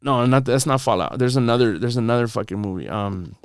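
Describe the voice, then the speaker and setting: A man spins a rambling, heavily profane story in a podcast studio, studded with "bro" and "dude". His voice is smooth and clean and sits at a middle pitch. The room sound is dry and close. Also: a little fast, no room sound. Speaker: podcast guest. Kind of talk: casual storytelling.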